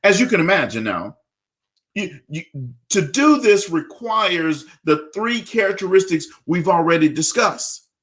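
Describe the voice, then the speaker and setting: A male radio host gives a motivational leadership talk in a fairly high voice. He preaches straight to his listeners, "folks," and often stumbles and repeats words while he searches for the right phrase. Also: big pitch swings, a little slow, a bit bright.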